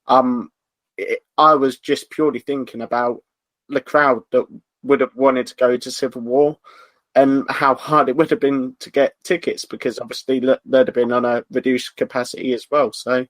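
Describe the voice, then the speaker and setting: A man's voice: medium pitch, flat delivery, normal speed, a bit bright, dry recording. Agreeable man chatting on a podcast. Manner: agreeable, thinks aloud with fillers. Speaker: podcast guest. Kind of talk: casual podcast chat.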